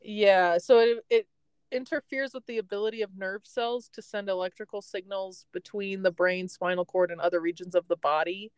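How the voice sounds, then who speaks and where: Chatty young woman with a smooth voice. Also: medium pitch, steady tone, moderate pace, no room sound, rough recording. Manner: chatty, rambling, laughs often. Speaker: podcast host telling a story. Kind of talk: casual storytelling chat. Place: in a parked car.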